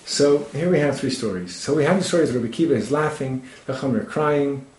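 A man's voice: mid-range voice, expressive, quick pace, a little mellow, roomy sound, a little hiss or hum, low-quality recording. A man giving a Torah lecture, quoting Hebrew texts and translating them as he explains. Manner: expounds texts, quotes Hebrew then translates. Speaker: Torah teacher.

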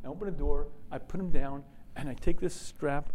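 High-voiced man teaching by storytelling. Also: steady tone, normal speed, darkish tone, low-quality recording. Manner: frequent throat clearing, vivid storytelling. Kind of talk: storytelling religious lesson.

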